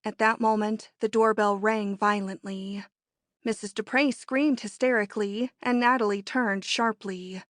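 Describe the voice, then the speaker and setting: A woman narrating a classic romance novel as an audiobook in a measured storytelling manner. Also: mid-range voice, fairly even intonation, fairly bright tone, no room sound, studio quality. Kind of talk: scripted narration.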